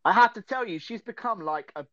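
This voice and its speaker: A man's voice: high voice, expressive, a little fast, pushed and bright, no echo, muffled recording. A man co-hosting a casual podcast chat, rambling and self-deprecating. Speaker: podcast co-host.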